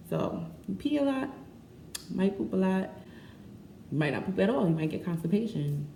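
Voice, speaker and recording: A woman's voice: sits low, vocal fry, warm tone, a little hiss or hum. A woman vlogging casually, talking frankly and chattily and laughing often. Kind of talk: candid casual vlog talk. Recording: echoey room with faint ambience.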